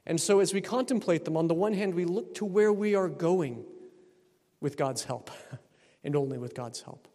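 Man, priest, conversational sermon, wry asides, slightly high voice, long church reverb. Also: moderate pace, mellow. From Texas.

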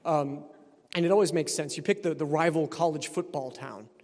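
A male priest with a drawl preaches in an easy, conversational tone, slipping in dry humorous asides. His voice sits a little higher than most men's. It rings out with the long reverb of a church. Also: normal speed, darkish tone. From Texas. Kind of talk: sermon.

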